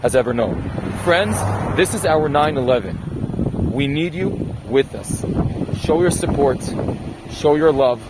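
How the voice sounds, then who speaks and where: A man making an urgent, forceful public appeal outdoors. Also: fairly high pitch, animated, measured pace. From Israel. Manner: forceful, declarative. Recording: loud wind and outdoor noise.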